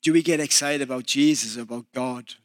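A man's voice: mid-range voice, brisk, no echo, clean studio sound. A male pastor preaching a sermon, building emphasis and putting questions to the congregation.

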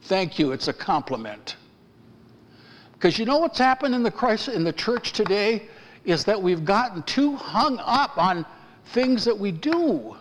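A male pastor preaching from the pulpit in a high, animated voice that climbs as he gets excited. He raises his voice and pounds the pulpit. The church hall carries a long reverb behind him. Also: measured pace. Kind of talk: sermon. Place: church sanctuary.

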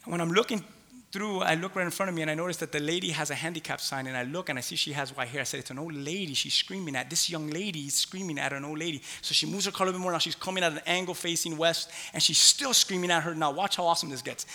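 High, bright-voiced male pastor preaching. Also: fast talker, in a large hall. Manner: animated storytelling, builds to loud exclamations. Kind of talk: sermon with a personal story.

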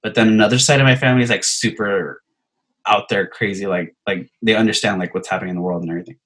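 A man's voice: lowish voice, fairly even intonation, fast, a bit bright, poor audio. A young man telling a personal story in casual chat, rambling and full of filler words. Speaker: podcast guest telling a story.

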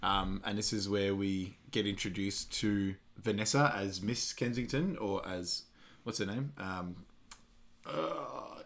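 A man's voice: on the low side, slow, creaky, fairly bright tone. A man co-hosting a casual podcast, talking through a film scene by scene. He rambles, trips over his words and laughs easily as he goes. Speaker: podcast co-host. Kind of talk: casual film recap chat.

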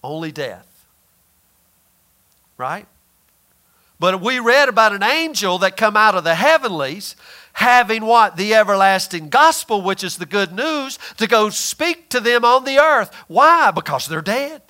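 Bright high-voiced male preacher. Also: sing-song. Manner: asks the listeners questions and answers them himself; drawls some phrases slowly for emphasis. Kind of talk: sermon.

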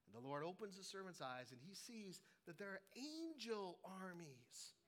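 A middle-aged pastor from Colorado, United States, preaches a sermon in a high-pitched, unhurried voice. He tells animated stories full of humor, acting out different voices.

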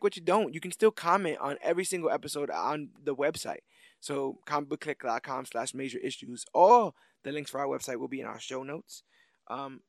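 A man's voice: a little high, no echo, clean studio sound. A man hosting a comics podcast, wrapping up the episode with jokes and plugs in a casual, playful way. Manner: playful, joking, rambling sign-off. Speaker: podcast host.

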